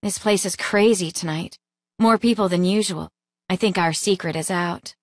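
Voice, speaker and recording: A woman's voice: fairly low pitch, moderate pace, no echo, clean studio sound, close to an everyday voice. A woman reading an audiobook, voicing a friendly, easygoing young woman in casual talk.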